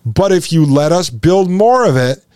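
A man's voice: a little high, expressive, a little slow, dark tone, smooth, dry recording, clean studio sound. A man hosting his own podcast, delivering an emphatic solo monologue, repeating points and addressing listeners as folks. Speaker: podcast host.

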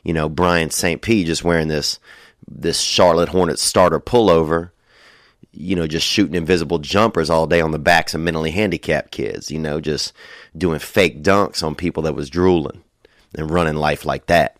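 Young male comic, deep voice, dry close sound, rambling profane monologue. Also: fairly even intonation, normal speed, no echo. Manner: profane, loose and digressive, frequent "dude" and "you know". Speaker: comedian. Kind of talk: rambling stand-up style monologue.

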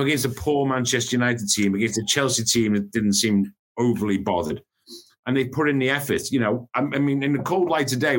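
A man's voice: mid-range voice, a bit bright. Hesitant male football pundit. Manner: hesitant, many restarts and fillers. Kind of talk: casual football chat.

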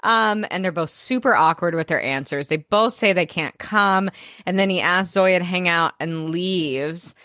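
A young woman co-hosting a podcast, recapping a TV episode in casual chat, excitable and laughing a lot as she acts out the characters' lines. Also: on the low side, a little slow, no room sound, studio quality. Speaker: podcast co-host.

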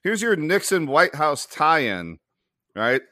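A man's voice: on the high side, sing-song, slow, sharp tone, no room sound. A man co-hosting a football podcast whose voice rises and falls a lot as he teases his co-hosts. His delivery is wry and bantering. The mic sounds close and dry. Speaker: podcast co-host. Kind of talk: casual podcast chat.

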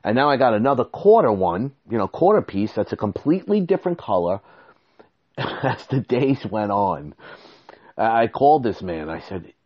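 A man telling a story casually and animatedly, acting out quoted lines with sudden high exclamations. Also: sing-song, moderate pace, slightly rough, muffled recording.

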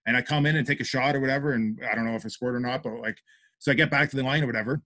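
A man's voice: medium pitch, racing, dry recording. A man, a podcast guest and former hockey player, animatedly telling stories and acting out quotes. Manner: animated storyteller, acts out quotes, many fillers. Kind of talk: casual chat.

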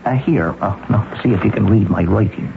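An actor playing a confident, shrewd Boston police chief in an old-time radio drama, with a breezy, folksy manner. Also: male voice, lowish voice, moderate pace, creaky. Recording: phone-like old radio broadcast, faint hiss.

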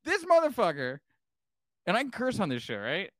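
A man's voice: huge pitch swings, moderate pace, fairly bright tone, no room sound, studio quality. A young man, a podcast guest, telling a story with lots of cursing and acted-out quotes. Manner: swings pitch widely acting out quotes, curses freely. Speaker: podcast guest, former wrestling manager. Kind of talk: animated storytelling.

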